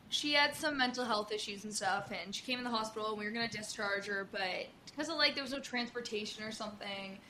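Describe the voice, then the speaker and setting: A woman's voice: on the high side, pushed and bright, slight background noise. A young woman hosting a podcast, a nurse swapping work stories in blunt, casual talk, often swearing and acting out dialogue. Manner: blunt, swears freely, acts out dialogue with big voice swings. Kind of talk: casual chat.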